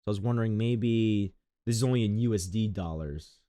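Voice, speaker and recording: With a brisk pace and warm tone, a young Long Island, New York man chats casually on a game stream. His talk is crude and jokey, wandering through tangents and punctuated by sudden high-pitched outbursts.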